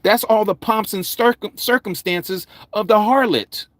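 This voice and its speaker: Man, fiery livestream sermon, loud, vigorous, highish voice, dry sound. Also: a little slow, dry recording. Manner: fiery, loud, vigorous preaching with rising intensity. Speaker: Hebrew Roots Bible teacher.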